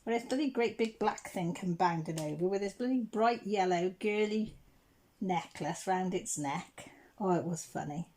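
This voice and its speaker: A middle-aged English woman telling a rambling home story while crafting, clearing her throat now and then. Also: medium pitch, moderate pace, darkish tone. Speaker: crafting channel host.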